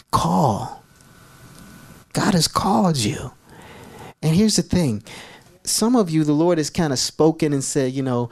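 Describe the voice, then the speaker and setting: Animated, jokey preacher man. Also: on the high side. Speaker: pastor. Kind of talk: sermon.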